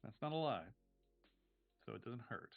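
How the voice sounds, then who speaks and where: A man's voice: medium pitch, lively intonation, normal speed, creaky. A man narrating as game master of a tabletop game, hesitant with frequent restarts. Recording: tinny call audio with faint music.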